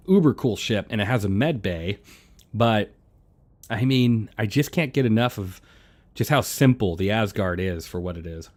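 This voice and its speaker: Male game streamer, low voice, laid-back and chatty, talks around a throat lozenge. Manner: relaxed, chatty, answers chat between flying. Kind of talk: casual live-stream chat.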